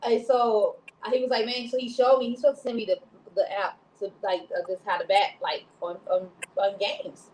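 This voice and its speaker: A woman's voice: medium pitch, little pitch movement, moderate pace, hardly any pauses, a little mellow, reverberant, slight background noise, poor audio. A woman from Chicago co-hosting a casual talk show, rambling and laughing often. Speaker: co-host. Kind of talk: casual chat.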